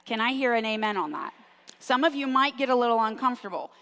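A woman's voice: fairly high pitch, fast. Woman preacher in a reverberant hall. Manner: lively, engaging the congregation with call-and-response. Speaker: pastor. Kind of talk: sermon. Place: church sanctuary. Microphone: handheld or clip microphone.

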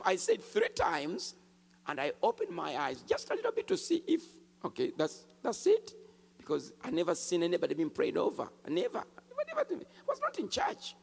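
A man delivers a sermon testimony in a lively, swinging voice with a gravelly rasp. He drops to hushed tones and then bursts out loud, and it all rings with a long hall reverb. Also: fairly high pitch, normal speed. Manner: animated storytelling, jumps from hushed to shouted. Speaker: preacher giving testimony.

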